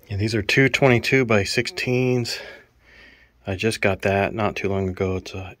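A man's voice: fairly low pitch, no echo. A man showing off gear in a casual, rambling way, out of breath from carrying things. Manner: rambling, counts items aloud. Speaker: drummer vlogger. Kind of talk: casual show-and-tell.

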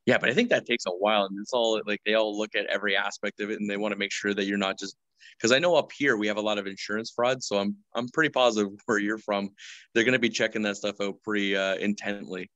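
A man's voice: on the low side, steady tone, fast talker, fairly bright tone, no room sound, dull audio. A man guesting on a podcast in casual chat, laid-back and rambling, often chuckling.

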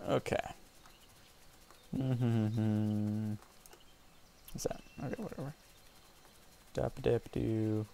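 Brief: male let's-play host, gravelly tone, jokey trash talk at in-game creatures. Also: medium pitch, a little mellow, slight background noise. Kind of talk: casual gameplay commentary.

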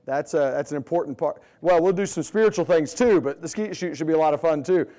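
A man's voice: a little high, fast talker, mellow. A middle-aged man, an evangelist from Illinois who grew up in the South, speaking in a church and telling folksy, self-deprecating stories. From Illinois, raised in the US South. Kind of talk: sermon introduction, storytelling. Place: church sanctuary.

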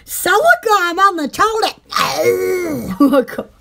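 A woman hosting a casual live-stream shopping chat, excitable and giggly, often humming, cooing and blowing kisses to viewers. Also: very high-pitched.

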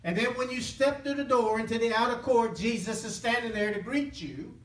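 Male preacher, high voice, earnest call-and-response teaching style; distant, echoey church-hall recording. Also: normal speed, a bit bright. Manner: call-and-response, prompting listeners to finish phrases; earnest and impassioned. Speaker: Bible teacher. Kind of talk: interactive sermon. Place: church hall with live listeners. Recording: echoey room from a distant mic.

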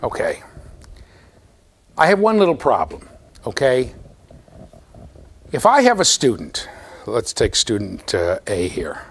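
A man's voice: medium pitch, wildly swooping pitch, slow, pauses often, fairly bright tone, slightly rough. A man giving a university lecture to a large class, playful and talking straight to his students. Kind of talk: classroom lecture with live demonstration.

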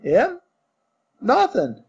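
A man voicing a coarse young Cockney bellboy who talks in blunt, rough working-class grammar, in a storybook reading. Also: extremely high pitch, huge pitch swings, drawn-out words, voice pushed up, heavily acted. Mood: gossipy. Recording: dull muffled recording.

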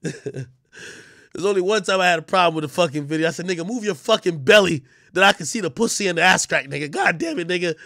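A man streaming live, telling crude stories in loud, laughing casual chat with sudden yelps. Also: high voice, quick pace, dry recording, clean studio sound.

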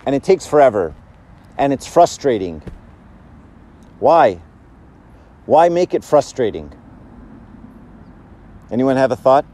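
A man's voice: mid-range voice, sing-song, slow pace, long pauses, warm tone. A man giving a casual, conversational sermon, joking and asking the audience questions. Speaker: church speaker.

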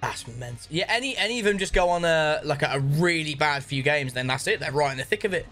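A man's voice: on the high side, quick pace, bright, forceful tone, faint music behind. A man hosting a casual football video game chat, jokey and calling his guest "mate". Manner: chatty, jokey, says "mate" a lot. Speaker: gaming channel host.

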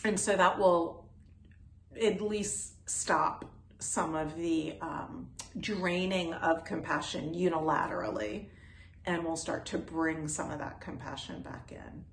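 Slow, soft-spoken woman teacher. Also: deep voice, steady tone, roomy sound, a little hiss or hum. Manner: soft, unhurried, with fillers and pauses. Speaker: wellness teacher. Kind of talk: gentle guided self-compassion talk.

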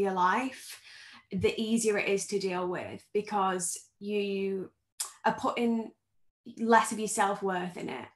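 A woman's voice: medium pitch, fairly bright tone, roomy sound. A woman actor on a video-call panel, giving friendly, candid advice and thinking aloud as she goes. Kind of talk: conversational panel answers.

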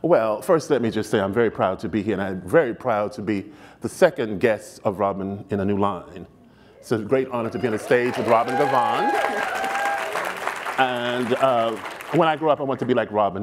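Stately man recalling his childhood on stage. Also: medium pitch. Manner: warm, stately storytelling with vivid detail. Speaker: guest. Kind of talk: stage interview, reminiscing. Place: stage before a live audience.

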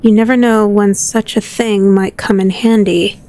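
A woman's voice: mid-range voice, flat delivery, unhurried, warm tone, natural voice. A woman putting on a bitter French soldier. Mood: bitter solemn. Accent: put-on French. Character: male French soldier writing a grim diary. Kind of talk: reading game notes aloud.

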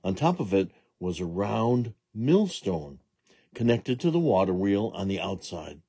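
Slow, husky male storybook reader. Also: on the low side, dry recording. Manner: slow, gentle and expressive. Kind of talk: read-aloud storytelling for children.

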